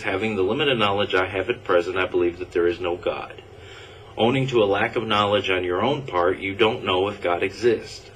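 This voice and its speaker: A man reading a calm, measured lecture. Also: fairly low pitch. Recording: distant clip with faint room hum.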